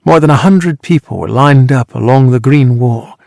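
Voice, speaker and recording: A man narrating a literary novel in a measured, even reading voice. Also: medium pitch, creaky, no echo, studio quality. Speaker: audiobook narrator.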